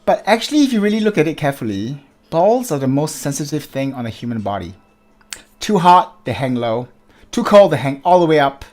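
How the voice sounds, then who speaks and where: Playful man with a lively voice. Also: a little high, a little fast. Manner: playful, laughs easily. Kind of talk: casual panel discussion.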